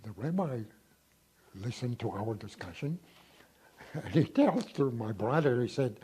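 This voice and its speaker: An elderly man in his nineties gives an oral history interview. His voice is mellow and very raspy. He pauses and repeats words as he recalls events. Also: mid-range voice, big pitch swings. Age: 90s. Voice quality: very husky voice.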